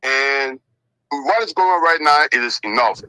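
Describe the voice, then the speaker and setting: A man's voice: medium pitch, lively intonation, measured pace, sharp tone, clear, resonant tone, dry recording, poor audio. A man giving a rousing, repetitive appeal to protest. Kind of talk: impassioned call to protest.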